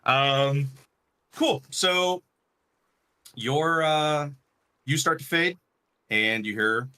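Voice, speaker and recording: Slow-talking guy running a tabletop game, lots of ums, lowish voice with a sharp edge. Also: smooth. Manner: halting, filler-heavy narration. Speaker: game master.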